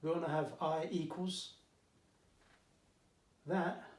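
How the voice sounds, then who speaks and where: A man's voice: on the high side, steady tone, slow pace, darkish tone, recorded from a distance. A man with an Essex accent teaching maths in a casual, jokey video lesson, often checking in with "okay?". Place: at home during lockdown. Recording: echoey room, mic set back.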